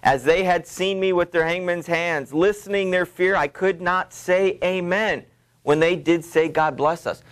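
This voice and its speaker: A guilt-ridden nobleman , voiced by a male teacher, recounts a murder in a halting, slow read-aloud. The voice sits a little higher than usual and stays close to the reader's own. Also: clear, resonant tone. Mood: haunted.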